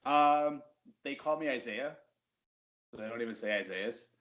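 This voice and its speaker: A man who is a professional wrestler, giving relaxed, rambling interview answers full of "like" and "um". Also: mid-range voice, normal speed.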